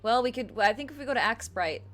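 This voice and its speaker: Halting chatty woman from Michigan. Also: fairly high pitch, expressive, a bit bright, faint music behind. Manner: halting, restarts and trailing phrases. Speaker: co-host. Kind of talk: casual chat.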